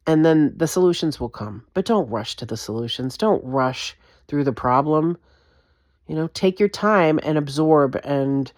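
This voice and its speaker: A woman's voice: sits low, a little mellow, no room sound. Lady ranting hard on her vlog, swears a lot, keeps repeating herself, dry close sound. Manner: fervent, emphatic, repetitive, swears freely. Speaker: vlogger. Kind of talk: impassioned monologue rant.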